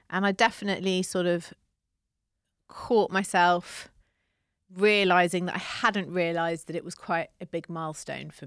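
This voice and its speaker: A woman's voice: lowish voice, dry recording. Chatty woman co-hosting, dry room. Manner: chatty, animated storytelling with dry humor. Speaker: podcast co-host. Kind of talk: casual chat.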